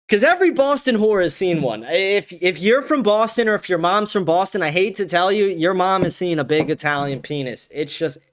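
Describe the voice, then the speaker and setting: A young man with a high-pitched voice hosts a loose livestream and chats straight to his viewers. He rambles along with plenty of filler words, swears freely, and laughs often. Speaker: livestream host reading chat. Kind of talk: casual livestream chat.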